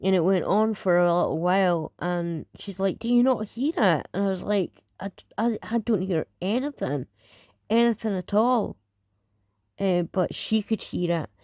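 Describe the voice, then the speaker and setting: A woman's voice: mid-range voice, measured pace, dark tone, dry recording, clean studio sound. A Scottish woman reacting to videos in casual, hesitant commentary with many fillers.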